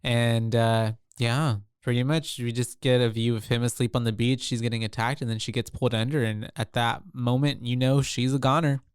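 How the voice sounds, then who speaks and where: Co-host with a smooth, resonant voice; loose, filler-heavy recap chat. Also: medium pitch, fairly even intonation, moderate pace, few pauses, dry recording, clean studio sound. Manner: rambling, full of fillers. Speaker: podcast co-host. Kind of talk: casual movie recap chat.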